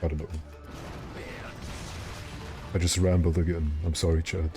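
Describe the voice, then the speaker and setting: Deep-voiced rambling man streaming a game. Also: flat delivery, measured pace, over music. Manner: rambling, joking, answers chat. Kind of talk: casual stream chat with viewers.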